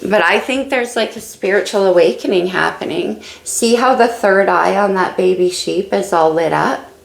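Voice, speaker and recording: A woman's voice: mid-range voice, moderate pace, creaky, reverberant, rough recording. A woman doing a casual tarot reading, musing and thinking aloud as she turns each card. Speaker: tarot reader.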